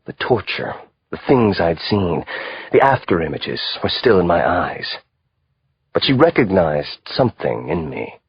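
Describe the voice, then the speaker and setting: A male audiobook narrator voicing a cold, calculating contract killer who speaks in a calm, hard way. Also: deep voice, measured pace, slightly rough, dry recording, highs cut off, pitched below the performer's own voice, exaggerated voice. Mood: reminiscing. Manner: calm, hard, matter-of-fact.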